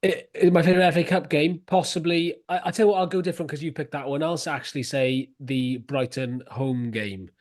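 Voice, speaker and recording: A man's voice: a little high, fairly even intonation, a little fast, few pauses, darkish tone. A man co-hosting a casual football podcast, talking as an enthusiastic, chatty fan. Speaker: podcast co-host.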